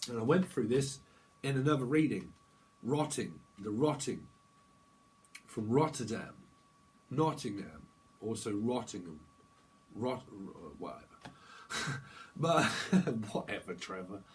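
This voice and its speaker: A man's voice: on the low side, animated, slow, pauses often, a little hiss or hum, low-quality recording. A man giving a rambling tarot reading, swearing and laughing as he talks. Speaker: tarot reader. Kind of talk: casual tarot reading monologue.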